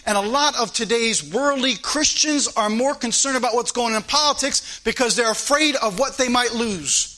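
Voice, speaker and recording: A man preaching an impassioned sermon, swinging from loud exhortation to hushed pleading. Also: very high voice, moderate pace, few pauses. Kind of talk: fiery sermon.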